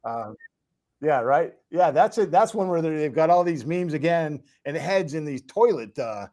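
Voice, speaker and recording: A man's voice: on the high side, animated, moderate pace, darkish tone. Male host, casual chat, rambling, lots of fillers and restarts. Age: parent of children. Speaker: podcast host.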